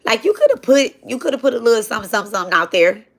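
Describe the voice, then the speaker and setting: A woman's voice: on the high side, big pitch swings, very fast. A woman chatting casually on a livestream while she cooks, rambling and slangy as she tells a spiritual story. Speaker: spiritual content creator.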